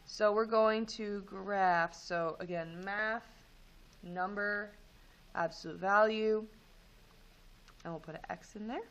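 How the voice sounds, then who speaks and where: A woman teaching math, going over homework and walking students through steps in a relaxed way with frequent ums. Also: mid-range voice, slow, pauses often, a little hiss or hum, low-quality recording. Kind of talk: homework review and lesson.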